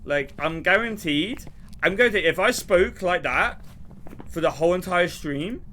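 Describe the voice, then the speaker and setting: A young man streaming a game, rambling and laughing as he plays, now and then shouting. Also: sits high, expressive, unhurried, slight background noise. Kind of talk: casual gameplay commentary.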